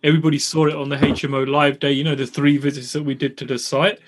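A man's voice: fairly high pitch, level tone, fast. A man, co-hosting a podcast and telling a story animatedly, swearing freely. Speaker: podcast co-host. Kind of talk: casual storytelling chat.

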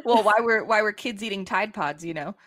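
A woman's voice: medium pitch, fairly quick, fairly bright tone, no room sound, studio quality. A woman hosting a casual podcast, asking quiz questions and explaining the answers in a matter-of-fact way. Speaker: podcast host. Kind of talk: casual chat, quizzing a co-host.

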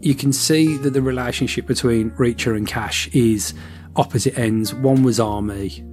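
A man co-hosting a podcast, chatting casually and rambling, with quick switches as he acts out lines from a story. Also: medium pitch, a little mellow, faint music behind. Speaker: podcast co-host. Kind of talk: casual chat.

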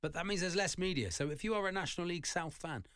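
A man's voice: high voice, fast talker, a bit bright, no echo, studio quality. A man co-hosting a casual podcast chat, joking around and laughing often. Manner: jokey, laughs often, tries silly impressions. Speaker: podcast co-host.

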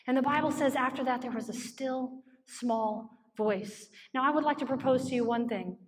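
High-voiced woman preaching in a reverberant hall. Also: normal speed, husky. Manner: impassioned, repeats lines for emphasis, drops low for quotes. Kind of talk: sermon.

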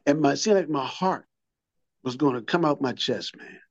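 A man's voice: fairly high pitch, normal speed, no room sound, highs cut off. A man in his fifties or older, telling his recovery story in an interview, a vivid storyteller who repeats and restarts his words and acts out what people said.

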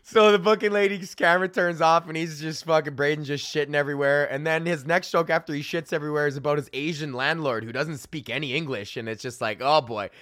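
A man's voice: fairly high pitch, quick pace, few pauses, fairly bright tone, no echo, studio quality. A man hosting a comedy podcast, telling a rambling, profane story with frequent laughter. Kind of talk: casual storytelling rant.

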